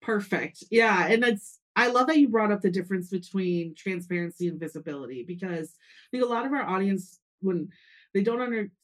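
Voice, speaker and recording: A woman's voice: mid-range voice, animated, a little fast. A woman hosting a podcast, talking in an upbeat, chatty way with frequent ums and uhs. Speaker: podcast host. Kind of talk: casual promotional chat and interviewing.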